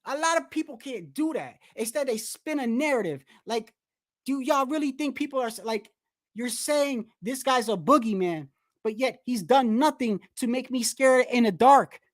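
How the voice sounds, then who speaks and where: A blunt woman rants on a live boxing stream. She swears freely and restarts her sentences. The voice sits fairly high, with a dry, close sound. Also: animated, moderate pace, dry recording. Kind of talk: live stream commentary, casual rant.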